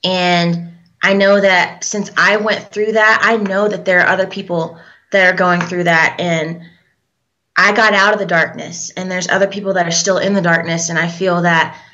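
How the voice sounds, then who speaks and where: A young woman with a lowish voice and a sharp, bright edge tells her story haltingly, pausing often and leaning on fillers. The recording is dull and lo-fi, as if the top end were shaved off. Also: steady tone. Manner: halting, hesitant, with frequent fillers. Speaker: guest. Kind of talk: personal storytelling in an interview.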